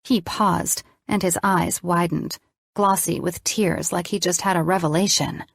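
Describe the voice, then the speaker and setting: A woman narrating a romance novel in the first person, steady and measured. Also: on the low side, gravelly, no echo, studio quality. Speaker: audiobook narrator.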